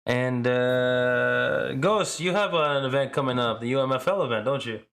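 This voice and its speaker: A man's voice: medium pitch, moderate pace, fairly bright tone, smooth. A man hosting a livestream panel over video call, casually asking guests questions and reading out chat comments. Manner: friendly, reads out chat comments. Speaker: panel host.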